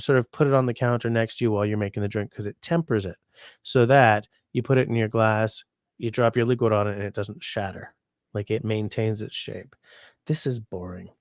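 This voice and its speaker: A man's voice: fairly low pitch, a little mellow, dry recording, clean studio sound. A sick man hosting a casual livestream, rambling and reading viewer comments aloud. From Canada. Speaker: livestream host.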